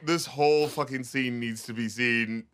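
A man co-hosting a casual podcast chat, excitedly recounting a film scene with plenty of swearing. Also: medium pitch, moderate pace, clean tone. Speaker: podcast co-host.

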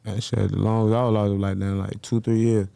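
A man telling stories as an interview guest in a casual, slangy, animated way. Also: lowish voice, fairly quick, gravelly, clear, resonant tone, dry recording. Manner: animated, slangy, acts out quotes.

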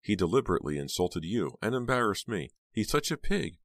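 A man voicing an upset teenage girl who speaks in a raised, high-pitched voice and cries out. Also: sing-song, fairly quick, no echo. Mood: furious.

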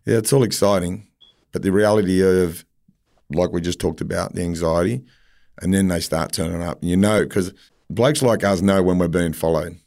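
Deep-voiced man telling stories. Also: steady tone, moderate pace, vocal fry, darkish tone. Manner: blunt, storytelling, swears casually. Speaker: podcast host. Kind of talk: casual interview chat.

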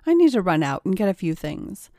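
A woman's voice: on the low side, very animated, mellow, no echo, clean studio sound. A woman doing a smug, domineering woman. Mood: commanding. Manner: smug, commanding, drawn-out purring delivery. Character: domineering taunting adult woman.

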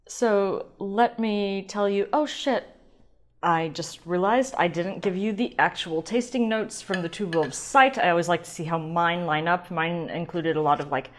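A woman's voice: fairly low pitch, moderate pace, hardly any pauses. A woman hosting a wine podcast alone at home, talking in a chatty, rambling, self-deprecating way, swearing now and then as she gushes. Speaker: podcast host. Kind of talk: casual solo wine podcast chat. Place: home kitchen.

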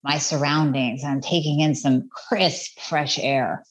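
A woman's voice: sits low, takes it slowly, highs cut off. A woman, a doctor hosting her own podcast, talking casually and animatedly while recording outdoors on her phone. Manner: chatty, animated, voices her listeners' inner thoughts. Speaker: podcast host and thyroid doctor.

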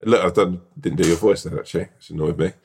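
A man's voice: low voice, quick pace, vocal fry, darkish tone, slight background noise. A man rambling in casual podcast chat, peppered with fillers and laughter. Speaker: podcast co-host.

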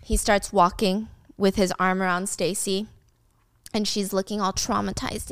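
A woman's voice: mid-range voice, little pitch movement, unhurried, a bit bright, smooth, dry recording, clean studio sound. A woman hosting a casual drama recap, chatty and blunt, with casual swearing. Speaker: host.

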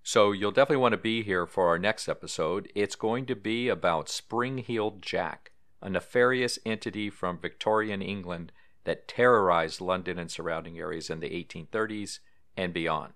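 Man, very deep voice, podcast host, casual reading, offhand asides. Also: normal speed, a bit bright. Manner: reads trivia and history aloud with asides.

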